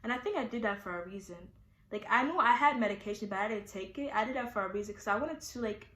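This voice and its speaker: A woman's voice: fairly high pitch, animated, quick pace, fairly bright tone. A young woman telling a personal story to her viewers in a loose, rambling, candid way, full of fillers. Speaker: vlogger. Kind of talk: casual storytime. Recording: echoey room.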